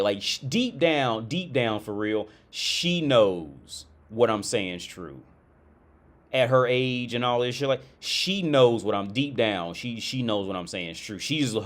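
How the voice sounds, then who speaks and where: A man's voice: fairly low pitch, animated, a little slow. A man hosting a livestream, commenting on clips in a blunt, crude, rambling way and often restarting his sentences. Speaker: livestream host.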